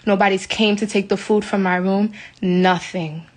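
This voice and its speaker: A woman's voice: mid-range voice, level tone, brisk. Woman, upset and shaken, from the US, emphatic, repetitive venting, live phone video, hotel room. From United States. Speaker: vlogger speaking to her viewers. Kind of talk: emotional live video to followers.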